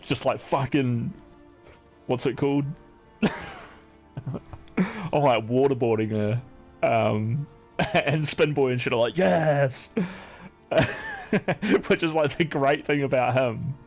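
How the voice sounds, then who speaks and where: Gravelly-voiced man rambling on stream. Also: medium pitch, unhurried, long pauses, faint music behind. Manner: rambling, profane, heavy use of filler "like". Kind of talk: casual stream chat.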